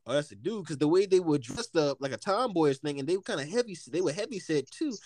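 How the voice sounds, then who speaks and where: Young man, podcast co-host, casual storytelling, animated, profane, fairly high voice, dry close sound. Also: fast talker, no room sound.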